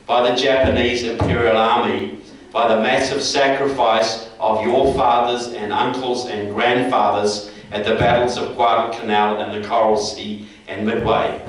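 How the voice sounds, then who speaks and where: A man from New Zealand with a New Zealand accent, giving a folksy, direct speech to a local group, recorded in a meeting hall. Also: medium pitch. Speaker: guest speaker. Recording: echoey hall, mic far off.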